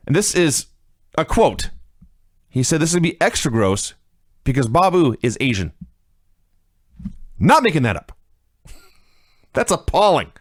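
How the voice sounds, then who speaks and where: A man co-hosting a casual podcast, recapping wrestling with sarcastic, animated commentary. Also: a little high, no room sound, studio quality. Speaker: podcast co-host reviewing wrestling.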